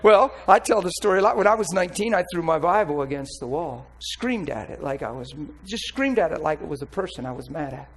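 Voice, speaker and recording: A man preaching a candid, blunt personal testimony with animated storytelling. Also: fairly high pitch, quick pace, hardly any pauses, poor audio. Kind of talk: sermon testimony.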